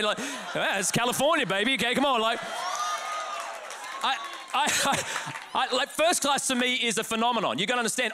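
An Australian man, a pastor, telling a comic, self-mocking story in an animated sermon. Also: very high-pitched.

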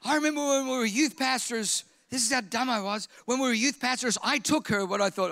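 High, bright-voiced animated male preacher. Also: a little fast, hardly any pauses, no echo. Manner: animated humorous storytelling, bursts into shouting. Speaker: pastor. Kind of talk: sermon.

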